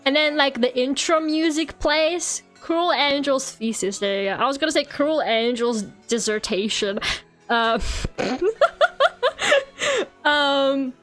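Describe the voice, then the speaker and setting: A woman streamer chatting casually while gaming, telling stories in an animated way and swearing freely. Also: high voice, slow, soft background music. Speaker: VTuber streamer.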